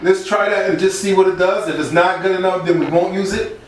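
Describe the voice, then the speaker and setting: A woman's voice: on the low side, fairly even intonation, brisk, over a noisy crowd. A woman directing young actors, giving encouraging, directive notes. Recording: echoey room from far off.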